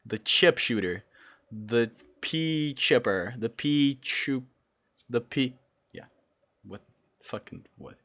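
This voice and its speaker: A young man from Brazil chatting casually on a livestream, excitable and jumping between loud outbursts and low mumbles. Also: slow pace, long pauses. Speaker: streamer.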